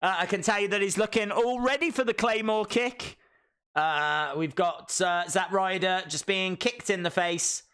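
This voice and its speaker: A fairly high, bright and forceful male voice. He keeps up chatty, excitable commentary on a live watch-along stream. Between reactions he reads out comments from his viewers. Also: normal speed, clear, resonant tone.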